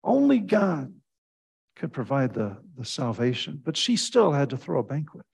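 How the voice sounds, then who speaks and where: A male preacher giving a conversational sermon, jumping high in pitch when acting out quotes and slipping in restarts and fillers. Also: moderate pace, creaky, slightly rough. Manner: animated storytelling with sudden pitch jumps when quoting.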